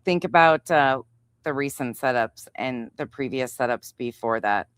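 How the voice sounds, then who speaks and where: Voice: medium pitch, moderate pace, a bit bright, smooth, no room sound, studio quality. A podcast host giving sarcastic, profane reaction commentary, mocking the clips being played.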